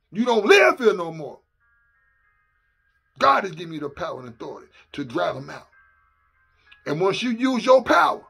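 A man preaching a fervent sermon as a minister, emphatic and repetitive, sometimes rising to shouts. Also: very high-pitched, vocal fry, slightly rough.

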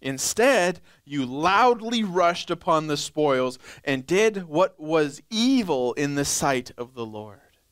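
A young male pastor preaching a sermon, reading scripture slowly and acting out pleading churchgoers in a higher voice. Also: big pitch swings, a bit bright, no room sound. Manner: reads scripture slowly, then acts out pleading churchgoers in a high voice.

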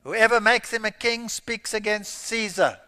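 A high-voiced man preaches with a bright, ringing edge. He reads scripture emphatically and lifts into loud exclamations. His voice carries a long reverb from a large hall. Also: a little slow, smooth. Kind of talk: sermon.

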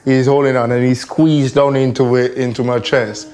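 A man's voice: medium pitch, little pitch movement, moderate pace, a little mellow. A man recounting a story in an interview.

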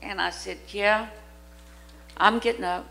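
An older woman from Louisiana, preaching a storytelling sermon in a church, dramatic and animated as she acts out the voices in her stories. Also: medium pitch, unhurried, vocal fry, soft background music, poor audio. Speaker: guest preacher. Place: church sanctuary.

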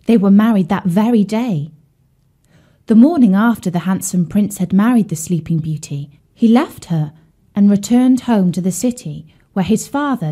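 A woman telling a children's fairy tale in a gentle, confiding way, speaking directly to her young listeners. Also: medium pitch, husky. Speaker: storyteller. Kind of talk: storytelling for children.

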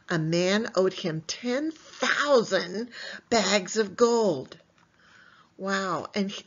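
A woman teaching a Bible lesson to young children in an animated way, asking them questions and answering them herself. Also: mid-range voice, dull audio.

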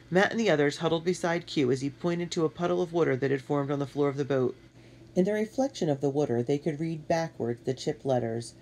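A woman giving a measured, expressive narration of a children's storybook. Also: low-pitched. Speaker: audiobook narrator.

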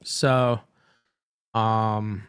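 Deep-voiced man telling a personal story. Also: little pitch movement, a bit bright, smooth. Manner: halting and rambling, with many fillers and restarts. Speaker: livestream host.

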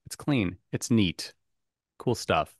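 A man's voice: fairly low pitch, expressive, slow pace, no echo, clean studio sound. A man hosting a casual podcast quiz game, upbeat and chatty, who laughs often. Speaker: game show host.

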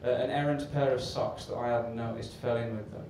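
A man's voice: mid-range voice, fairly even intonation, brisk, creaky. A man doing a stand-up routine on a comedy club stage, telling a rambling, self-deprecating story. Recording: echoey live club recording from far off with hiss.

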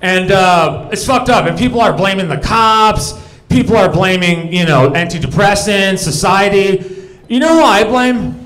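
A man's voice: high-pitched, a little slow, fairly bright tone. A young man doing a crude, rambling stand-up set on a comedy club stage, talking to the crowd.

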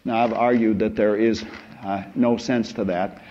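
A man's voice: on the low side, fairly even intonation, measured pace, a little mellow. An older man giving an anecdotal university philosophy lecture, wry and rambling with chuckling asides. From United States. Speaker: philosophy professor. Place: lecture hall. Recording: dull lo-fi lecture recording with faint hiss.

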